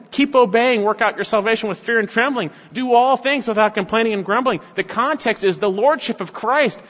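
A man's voice: high-pitched, fairly bright tone. A man preaching an expository sermon as a pastor, emphatic and pressing his point with repeated rhetorical questions that end in "right?". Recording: echoey hall, slightly dull sound.

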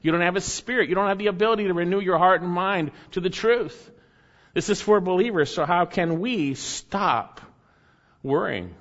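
A man preaches in a fairly high voice, driving his points home by repeating phrases and drawing out the words he stresses. The sound is dull, with a long reverb trailing each line. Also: moderate pace, fairly bright tone. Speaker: pastor. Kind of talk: sermon.

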